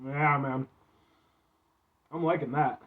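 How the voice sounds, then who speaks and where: A man from Illinois reviewing frozen food from a chair in his back room, talking to his viewers in an excitable, chatty way. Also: mid-range voice, takes it slowly, narrow, tinny audio. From Illinois, USA. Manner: excitable, chatty, keeps addressing viewers as folks. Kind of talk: casual food review vlog. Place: back room at home, seated.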